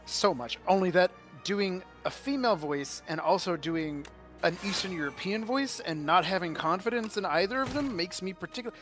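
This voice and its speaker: A man's voice: high voice, moderate pace, fairly bright tone, soft background music. A man chatting casually as a player in a tabletop game, rambling and self-deprecating. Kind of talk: casual chat.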